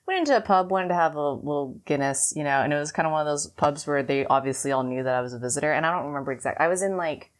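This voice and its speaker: Low-voiced woman telling a rambling story. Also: very fast, hardly any pauses. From California. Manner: rambling storytelling with many fillers. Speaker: podcast co-host. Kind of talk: casual chat.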